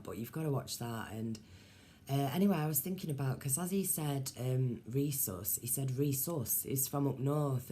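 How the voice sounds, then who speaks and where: A woman's voice: rumbling low, warm tone. A woman vlogger rambling casually to her viewers, musing aloud with many ums and asides.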